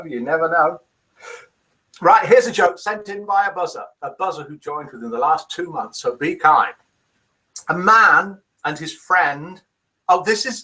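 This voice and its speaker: A man hosts a relaxed live chat stream, reading out his viewers' comments and guesses one by one. His voice is bright and keeps jumping up and down in pitch.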